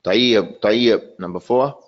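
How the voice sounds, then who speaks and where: A man with a lowish voice teaches an online Arabic class at a slow pace, and the highs in the audio are cut off. He stresses and repeats words again and again to drill his students' pronunciation.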